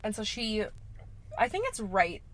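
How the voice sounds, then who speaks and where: A woman's voice: medium pitch, big pitch swings, a little slow, a little hiss or hum. A young woman co-hosting a podcast, casually recapping a horror film with slang, swearing and sassy asides. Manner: sassy, swears, acts out characters in slangy voices. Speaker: podcast co-host.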